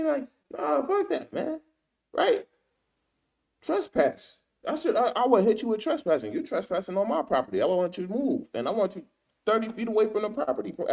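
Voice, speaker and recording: A man's voice: sits high, a little mellow. A man giving casual spoken commentary as a ministry speaker, who weaves in scripture quotes and keeps tagging his sentences with "man" and "right?".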